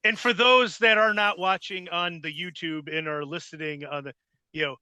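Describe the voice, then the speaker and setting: A man hosting a casual interview, joking and telling animated stories. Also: a little high, normal speed, clean tone, no room sound. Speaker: podcast host.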